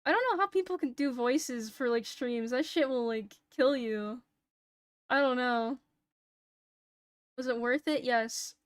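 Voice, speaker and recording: High-voiced young woman chatting on stream. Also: unhurried, long pauses, smooth, no room sound, studio quality. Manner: swears freely, laughs, self-deprecating. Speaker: VTuber streamer. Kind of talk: casual stream chat.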